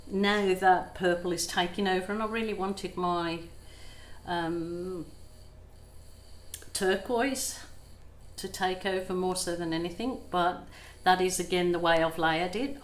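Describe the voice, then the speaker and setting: Slow-talking, chatty woman in an echoey room. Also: on the low side. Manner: chatty and self-deprecating, thinks aloud. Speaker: acrylic pour artist and channel host. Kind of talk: casual how-to chat while painting. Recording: echoey room, faint ambient noise.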